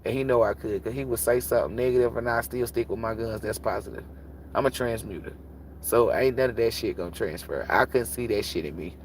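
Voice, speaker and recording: A man's voice: lowish voice, brisk, a little hiss or hum. A man who reads tarot, talking bluntly and casually on a livestream and preaching about energy with plenty of swearing. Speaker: tarot reader.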